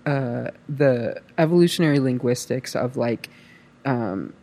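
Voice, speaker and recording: Brief: a chatty actress, animated and rambling, full of fillers. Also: female voice, rumbling low, measured pace. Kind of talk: casual chat.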